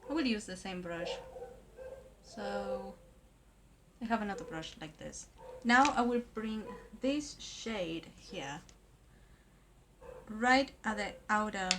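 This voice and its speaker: A slow, halting woman from Argentina, chatting through her makeup vlog. Her speech is full of pauses and fillers. A clear hiss of noise sits under the recording. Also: medium pitch. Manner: hesitant, many pauses and fillers. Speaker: makeup vlogger. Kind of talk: casual makeup tutorial.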